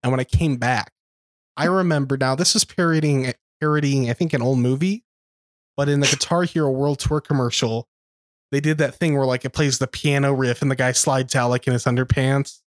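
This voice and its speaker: A man's voice: mid-range voice, steady tone, fairly quick, no room sound. A young man co-hosting a podcast, recalling his own antics in an easygoing, self-mocking way. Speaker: podcast co-host. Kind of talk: casual chat.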